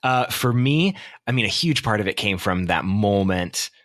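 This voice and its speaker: Young man, deep voice, casual podcast chat, rambling, fillers, dry close sound. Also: animated, a bit bright, no room sound. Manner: rambling, many fillers, quick asides. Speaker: podcast co-host. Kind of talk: casual movie review chat.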